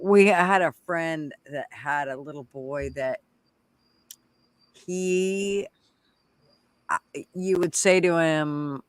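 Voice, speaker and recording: Slow, smooth-voiced male co-host. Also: a little high, dry recording. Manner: slow, clear, reacts with short affirmations. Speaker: podcast co-host. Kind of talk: casual chat, reading comments.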